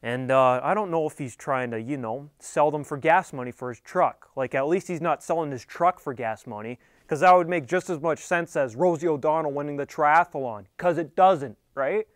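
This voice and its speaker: A young adult man from Thunder Bay, Canada, presents a comic monologue to camera in a wry, rambling way. His voice sits on the high side, his pace is moderate with hardly any pauses, and the recording is dry.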